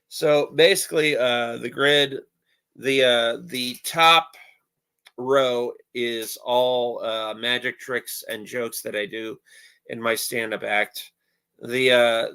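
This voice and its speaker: A man's voice: medium pitch, vocal fry, pushed and bright. A man explaining his stand-up comedy act in a rambling, casual way, with many fillers and restarts.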